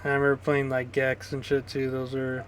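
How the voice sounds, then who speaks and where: Male co-host, loose rambling chat, flat and even pitch. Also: normal speed, slight background noise. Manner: loose, rambling, swears casually. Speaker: podcast co-host. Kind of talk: casual chat.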